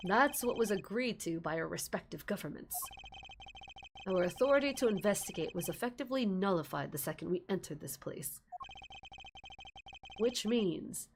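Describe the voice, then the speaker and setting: A woman voicing a stern, formal male prosecutor in a game, explaining the rules in a measured way. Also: medium pitch, animated, a little hiss or hum, pitched below the performer's own voice, close to an everyday voice.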